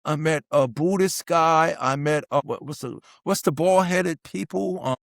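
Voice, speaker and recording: Animated, high-voiced older man. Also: vocal fry, no echo, studio quality. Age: 60s. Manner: animated, acts out quotes, speeds up and slows down. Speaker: guest, veteran hip hop artist. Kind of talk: heartfelt storytelling in conversation.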